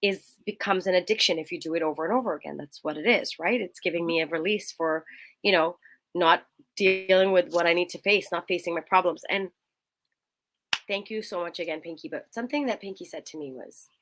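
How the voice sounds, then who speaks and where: A young woman co-hosting a casual chat, telling a personal story in an animated way and acting out quotes in a higher voice. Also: fairly quick. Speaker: co-host.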